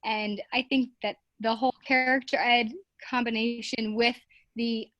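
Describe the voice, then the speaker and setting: Chatty woman teacher, bright voice. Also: fairly high pitch, flat delivery, unhurried, dry recording, dull audio. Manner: chatty, many fillers, acts out classroom voices. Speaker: teacher guest. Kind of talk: casual interview chat.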